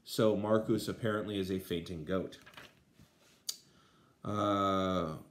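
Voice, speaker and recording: A man's voice: sits low, steady tone, slow pace, a little hiss or hum. A man Latin teacher translating a textbook aloud, with many fillers and dry asides.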